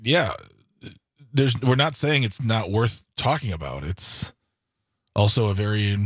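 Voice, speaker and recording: A man's voice: on the low side, animated, unhurried, slightly rough, dry recording, clean studio sound. A man co-hosting a call-in radio show, chiming in with wry, blunt remarks. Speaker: radio co-host.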